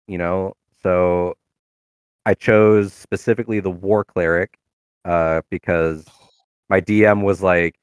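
A man's voice: deep voice, fairly even intonation, a little slow, smooth, no room sound, studio quality. A man chatting casually about his game character, rambling with many fillers and restarts. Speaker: tabletop game player. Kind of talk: casual chat.

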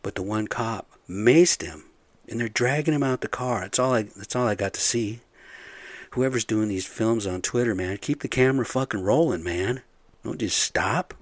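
Angry profane man ranting, low voice. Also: moderate pace, no room sound. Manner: angry, profane, rambling with fillers. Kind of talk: casual rant.

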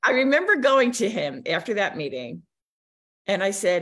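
A woman in her forties, a guest on a livestream, telling her life story in a lively, animated way. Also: normal speed. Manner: lively storyteller, swings pitch a lot. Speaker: guest, business coach.

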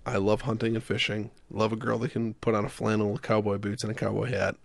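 Rambling young man on radio, gravelly. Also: fairly low pitch, level tone, brisk, dry recording. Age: young adult. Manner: rambling, self-deprecating, joking. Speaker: co-host. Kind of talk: casual radio chat.

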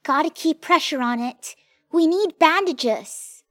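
A woman playing an eager, cheeky young girl in a full-cast audio drama, bright and excitable. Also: high voice, slow pace, dry recording, studio quality.

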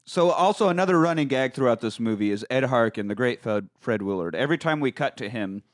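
A man's voice: medium pitch, expressive, fast, dry recording, studio quality. A man hosting a casual podcast, recapping a film and acting out its lines in put-on voices with frequent laughter. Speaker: podcast host.

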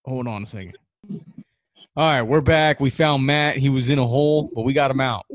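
A man's voice: mid-range voice, normal speed, dry recording, studio quality. A man hosting a casual gaming podcast, talking in a laid-back, rambling way with fillers and restarts. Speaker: podcast host. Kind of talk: casual chat.

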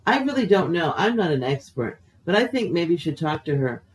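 A man's voice: on the high side, big pitch swings, brisk, low-quality recording. A man co-hosting a podcast in casual chat who teases and laughs easily, then gives earnest advice.

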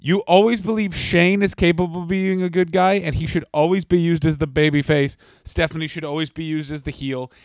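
A man's voice: a little high, fairly even intonation, fairly quick, few pauses, no room sound. A man co-hosting a comedy podcast, ranting in crude, sardonic banter. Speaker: podcast co-host.

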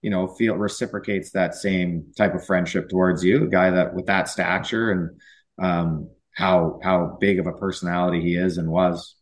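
A man's voice: low-pitched, steady tone, normal speed. A man, a former pro hockey player, chatting as a podcast guest and telling rambling stories with many restarts. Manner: rambling storyteller with frequent restarts. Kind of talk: casual chat.

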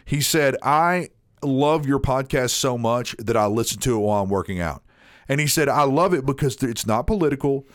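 A man's voice: mid-range voice, animated, moderate pace, no room sound. Crude joking man, dry close sound. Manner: crude joking, laughs often. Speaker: podcast co-host. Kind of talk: casual chat.

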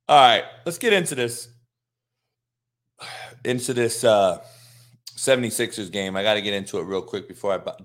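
A man hosting a sports talk show, ranting heatedly with a lot of swearing and emphatic repetition. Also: fairly low pitch. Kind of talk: profane sports rant.

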